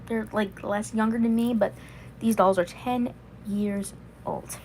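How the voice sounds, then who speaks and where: A woman's voice: mid-range voice, fairly even intonation, unhurried, darkish tone, slight background noise, rough recording. A woman in her twenties chatting casually on a livestream, rambling and repeating herself. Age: 20s. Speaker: vlogger.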